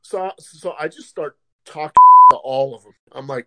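Man, higher-pitched, cussing casual storyteller who acts out the voices loudly. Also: normal speed, heavy background noise. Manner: animated, swearing, laughing, acting out quotes loudly. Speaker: podcast co-host telling a story.

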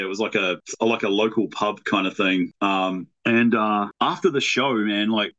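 Laid-back New man, low voice. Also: fairly bright tone. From New Zealand. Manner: laid-back, rambling anecdotes with many fillers. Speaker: bass player guest. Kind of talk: casual storytelling chat.

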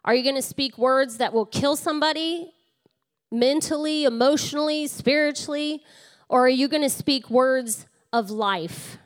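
A woman's voice: high-pitched, moderate pace. Chatty, laughing woman preaching a sermon. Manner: chatty, laughing storyteller turning earnest. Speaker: pastor. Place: church.

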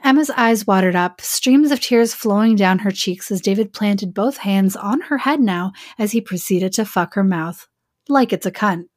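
A woman's voice: mid-range voice, moderate pace, darkish tone, dry recording, studio quality. A woman co-hosting a podcast, reading an explicit story aloud and breaking off with laughing asides and rereads. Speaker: podcast co-host and story reader.

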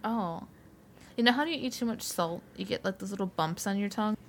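A woman's voice: medium pitch, brisk, a little hiss or hum. A young woman from Buffalo with a Western New York accent, co-hosting a podcast, blunt and sassy, swearing casually. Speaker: podcast co-host. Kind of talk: casual chat.

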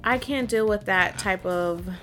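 A woman's voice: mid-range voice, measured pace, fairly bright tone, soft background music. A woman co-hosting a podcast, chatting candidly in a rambling, giggly way. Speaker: podcast co-host. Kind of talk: casual chat.

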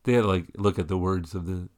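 Low-voiced man telling a story, laughing. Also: a little mellow. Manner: laughs often while telling a rambling story. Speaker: podcast co-host. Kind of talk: casual chat.

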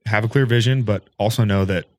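A man hosting a podcast, talking in a relaxed, direct way and giving friendly business advice. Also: on the low side, a little fast, dry recording. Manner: direct, advice-giving, peppered with "you know what I mean". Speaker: podcast host. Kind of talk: casual chat.

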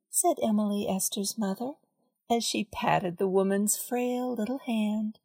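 A woman reading a children's story aloud, carefully and clearly. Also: mid-range voice, measured pace, warm tone, no echo, studio quality.

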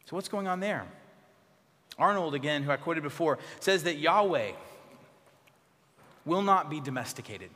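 A man preaches a sermon in a fairly high, bright voice. He moves between raised, emphatic lines and hushed, soft phrases. The sound carries a long reverb from a large hall. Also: normal speed, long pauses. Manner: expressive preaching, dropping to soft tones for emphasis. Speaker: pastor.

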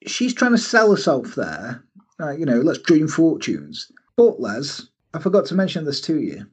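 A man hosting a podcast, telling a story in a casual, animated way and often breaking into silly voices. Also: on the high side, normal speed, breathy edge. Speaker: podcast host.

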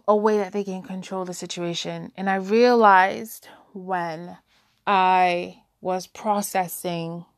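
A woman with a medium-pitched voice gives a candid personal monologue about her feelings, recorded cleanly in a studio with no room sound. She halts and searches for words, growing tearful and emotional.

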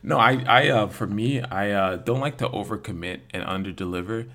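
Easygoing young man with a deep voice. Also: brisk, crowd noise. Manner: easygoing, stammers on restarts. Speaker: podcast guest. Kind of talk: casual podcast chat.

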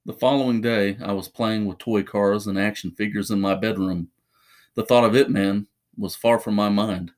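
A man narrating a first-person horror story in a measured, suspenseful way. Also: fairly low pitch, fairly even intonation, a little mellow.

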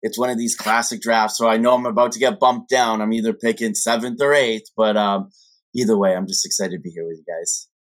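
A man's voice: on the low side, steady tone, a little fast. A man on a podcast panel, joking in a wry way. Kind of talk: casual podcast chat.

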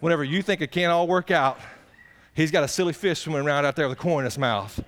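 A middle-aged pastor preaching a sermon in a folksy way, asking the congregation questions, swinging between excited high passages and low quiet asides. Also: male voice, quick pace.

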